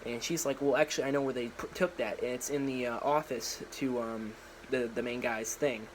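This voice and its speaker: The recording is rough, with a faint hiss under the voice of a young male vlogger who speaks at a medium pitch with fairly even intonation. He meanders through a story idea into a propped-up phone, restarting quickly, using many fillers, and occasionally acting out characters' lines.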